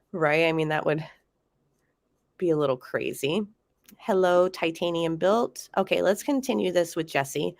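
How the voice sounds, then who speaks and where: A woman with a low, nasal, congested voice hosts a casual true-crime livestream, chatting loosely with viewers. She speaks close and dry, with no room sound. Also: measured pace, vocal fry, darkish tone, dry recording. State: sick, congested. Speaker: livestream host.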